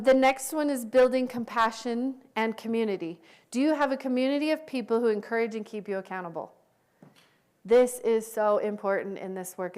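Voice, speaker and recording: A middle-aged woman, a social worker, giving a candid conference presentation and laughing often. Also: on the high side. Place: conference hall.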